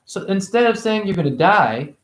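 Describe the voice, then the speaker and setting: A man giving a rambling spiritual monologue, free-associating and preachy, jumping between high exclamations and low mutters. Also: sing-song, normal speed, echoey room. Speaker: spiritual teacher.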